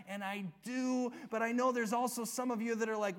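A male pastor preaching a sermon, earnest, swinging between loud emphatic lines and soft hushed ones, often asking the congregation rhetorical questions. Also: very high voice, little pitch movement, fairly quick, hardly any pauses.

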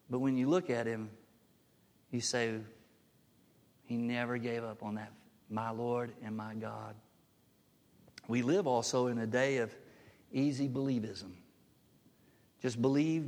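A man preaching a sermon as a pastor, emphatic, with his pitch climbing sharply when he voices the words he quotes. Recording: long hall reverb.

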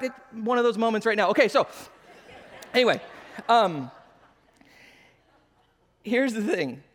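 A man in his thirties preaching a sermon, telling personal stories with animated, self-mocking humor. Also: high-pitched. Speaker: pastor. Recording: long reverb of a large hall.

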